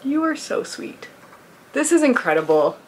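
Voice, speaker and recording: A woman vlogger talks casually to her viewers, gushing over everything. Her voice sits high and swoops up and down in an animated, expressive way. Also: a little slow. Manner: gushing and effusive, full of "like" and "oh my gosh". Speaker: vlogger unboxing viewer mail. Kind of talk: casual chat.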